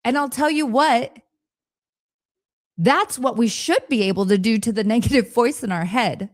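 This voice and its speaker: A woman's voice: fairly high pitch, moderate pace, dry recording, studio quality. A woman in her forties hosting a podcast, speaking to listeners in an earnest, encouraging coaching talk from a home office.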